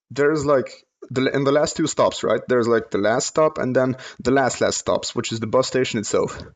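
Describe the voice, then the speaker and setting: A young man, telling a story in a casual, rambling way with many fillers and restarts. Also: medium pitch. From Slovenia. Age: late teens. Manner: rambling, lots of fillers and self-corrections, laughs while telling. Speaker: vlogger, storyteller.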